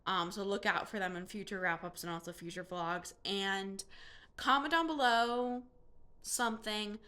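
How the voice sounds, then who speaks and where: A woman in her twenties chatting casually through a monthly reading wrap-up, animated and full of fillers. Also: medium pitch, moderate pace. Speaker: book reviewer.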